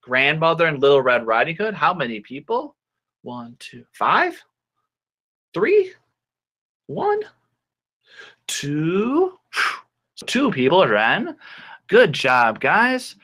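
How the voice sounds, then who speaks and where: Male kids' English teacher, playful and animated, slow and clear, with a very lively pitch. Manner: playful, animated, uses sound effects. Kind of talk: teaching a children's English class.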